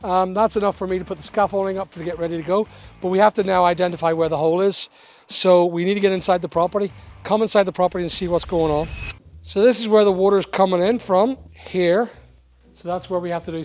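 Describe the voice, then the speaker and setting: A man vlogging outdoors at a building site, chatty and explaining things as he goes, with teasing asides. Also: sits high. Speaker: vlogger renovating a property. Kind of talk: casual walk-around vlog.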